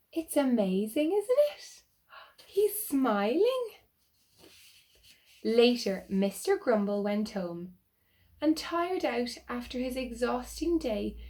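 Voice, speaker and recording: A woman reading a picture book aloud to children, animated and asking them questions. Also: on the high side. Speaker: children's storyteller.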